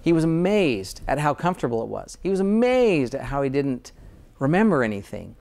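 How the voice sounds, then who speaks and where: Eager man with a higher voice. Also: very animated, a little fast, gravelly, darkish tone. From Utah, USA. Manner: earnest, enthusiastic, many restarts. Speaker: dentist, guest. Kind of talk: interview conversation.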